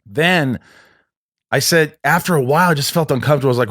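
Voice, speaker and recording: A man's voice: fairly high pitch, fast, a bit bright, dry recording, clean studio sound. A man telling a story in a casual podcast chat, rambling with many restarts. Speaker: podcast guest.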